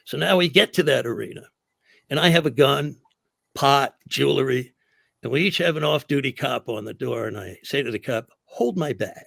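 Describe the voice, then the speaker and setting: A man's voice: medium pitch, animated, normal speed, creaky, fairly bright tone, no echo, studio quality. A man telling rowdy show-business stories in a casual chat, acting out the other people's lines. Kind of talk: casual storytelling.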